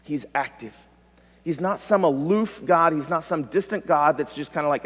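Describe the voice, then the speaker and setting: A male pastor preaching a sermon, swinging from loud emphasis to hushed tones. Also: a little high, normal speed. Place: church sanctuary. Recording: long reverb of a church hall.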